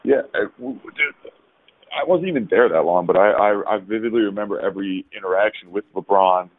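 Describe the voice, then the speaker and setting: A man, a former pro basketball player, telling rambling, animated stories as a podcast guest over a call. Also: lowish voice, fairly quick, dry recording. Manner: rambling, animated, with frequent restarts. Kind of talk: casual storytelling. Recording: tinny phone-like dry sound.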